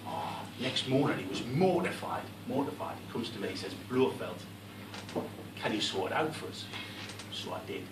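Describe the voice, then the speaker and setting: A man's voice: mid-range voice, animated, normal speed, natural voice. A man with a Scottish accent playing a crude, bragging middle-aged supervillain in a live comedy sketch, recorded in an echoey pub room from a distant mic with crowd noise. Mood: boastful.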